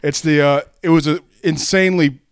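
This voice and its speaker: A man's voice: fairly high pitch, fairly even intonation, moderate pace, clear, resonant tone, no echo, clean studio sound. A young man co-hosting a podcast, rambling casually and restarting his stories as he goes. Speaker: podcast co-host. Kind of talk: casual chat.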